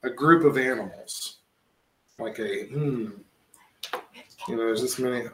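A man leads a casual word game among friends, pushing them to hurry up and give their words. His voice is medium-pitched and a little slow, heard in a reverberant space.

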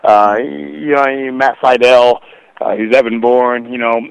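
A man's voice: medium pitch, fairly even intonation, measured pace, creaky, clean tone, no echo, poor audio. A young man, a wrestler guest, telling stories in a casual interview, rambling with lots of fillers and "dude".

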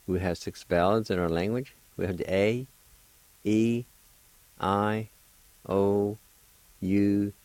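A man's voice: sits low, a little mellow, no room sound, poor audio. A man teaching a radio language lesson, patiently repeating each word and spelling it out letter by letter. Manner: deliberate, spells words out letter by letter.

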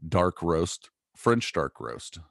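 A man with a very low, deep voice, talking casually and rambling from one thing to the next. He swears offhandedly and laughs easily. The sound is dry and close, with no room around it. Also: sing-song, extremely slow, gravelly, no echo. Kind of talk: casual chat.

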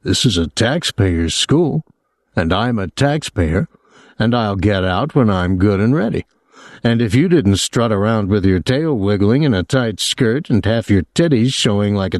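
A placid, quietly menacing middle-aged father in a storybook reading, talking as calmly as if discussing the weather, as a man reads him. His voice sits low and the sound is dry and close. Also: no echo. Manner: placid, conversational, coldly calm.

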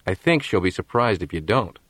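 A man's voice: sits low, animated, fairly quick, a bit bright, slightly rough, no echo, heavily acted. A male audiobook reader voicing a confident teenage boy friend, teasing and wry.

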